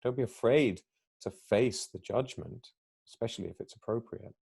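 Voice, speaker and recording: A man with a mellow, warm voice talks at length on a podcast. He is reflective and explains his ideas in a conversational way, now and then acting out little quoted exchanges. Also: medium pitch, moderate pace, vocal fry, breathy edge. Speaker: podcast guest.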